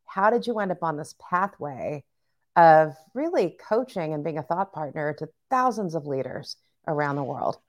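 A woman's voice: sits low, lively intonation, normal speed. A woman hosting a podcast interview, enthusiastic and affirming toward her guest. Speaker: podcast host.

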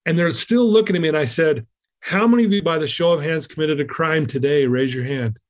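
A middle-aged man tells a story in a lively, animated way, acting out what people said. His voice sits a little high for a man. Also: a little fast. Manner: animated storyteller, acts out quotes. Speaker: guest speaker. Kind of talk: storytelling in a podcast conversation.

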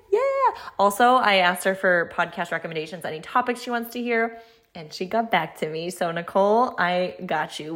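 A woman's voice: on the low side, a bit bright. Chatty young mother hosting a podcast. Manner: chatty, earnest and encouraging, many fillers. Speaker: podcast host. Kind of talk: solo podcast chat.

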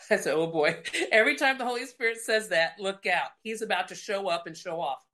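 A woman telling a lively faith testimony, laughing and acting out the voices in her story. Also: medium pitch, fairly quick. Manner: animated, laughing, acts out dialogue. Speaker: guest speaker. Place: lounge at home.

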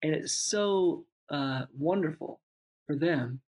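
A man, a father, in relaxed conversation, telling a long reflective story with many restarts and asides. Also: a little high, slow pace. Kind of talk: casual chat.

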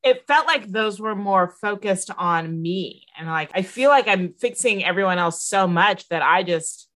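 A woman's voice: mid-range voice, animated, measured pace, fairly bright tone. A woman co-hosting a podcast, talking casually in a blunt and frank way. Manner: blunt and frank, swears freely. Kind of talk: casual chat.

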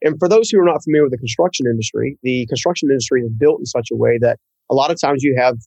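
Husky-voiced man telling an earnest story. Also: mid-range voice, darkish tone, no echo, highs cut off. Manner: earnest, halting, repeats words. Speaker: guest. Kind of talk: personal storytelling in an interview.

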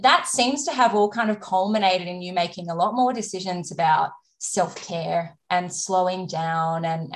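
A woman interviewing a guest in a warm conversational way, asking long, affirming questions. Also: lowish voice. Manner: encouraging, affirming.

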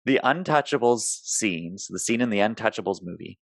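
A man with a very low, gravelly voice hosts an interview in a dry, close recording. He talks casually, restarting sentences as he searches for his point. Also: animated, fairly quick, no echo. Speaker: podcast host. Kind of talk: conversational interview.

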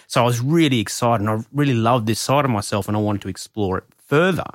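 Male podcast host in his forties with a mid-pitched voice, recorded dry and close. He tells stories with lively energy, his voice leaping up when he gets excited. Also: fast, dry recording. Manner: animated storyteller, pitch jumps when excited. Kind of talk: casual podcast chat.

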